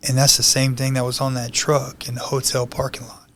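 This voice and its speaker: A man's voice: medium pitch, completely flat delivery, a little fast, slight background noise. Earnest man sharing a heartfelt testimony. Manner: earnest, conversational, frequent "you know" asides; emotional, heartfelt retelling. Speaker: podcast guest. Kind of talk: personal testimony storytelling.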